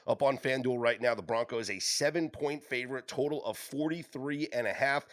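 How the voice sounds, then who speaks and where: A man's voice: medium pitch, normal speed, a bit bright. A man hosting a sports betting podcast, leading the rundown in a casual chat and often stumbling over repeated words.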